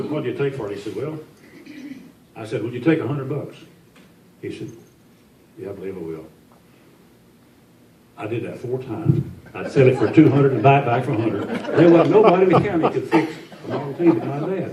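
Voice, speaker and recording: An older Tennessee man with a mellow, medium-pitched voice gives an after-dinner speech as a guest, telling folksy, joking, self-deprecating stories. He was recorded from a distance in a large, echoey indoor function room.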